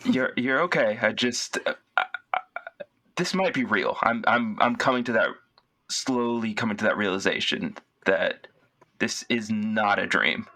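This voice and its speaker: A man's voice: fairly low pitch, lively intonation, unhurried, sharp tone. A man playing a character in a tabletop game, rambling with lots of fillers. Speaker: player. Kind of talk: in-character casual role-play.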